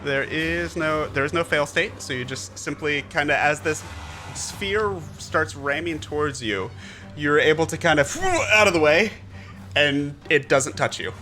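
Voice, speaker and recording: A man running a tabletop game as game master, narrating in a relaxed, chatty way with many fillers. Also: a little high, measured pace, soft background music.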